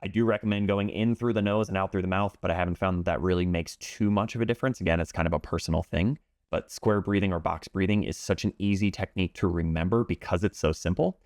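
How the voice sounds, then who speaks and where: A man working as a pool instructor, explaining calmly and in measured terms during an interview. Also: sits low, no room sound, clean studio sound. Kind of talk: interview talk.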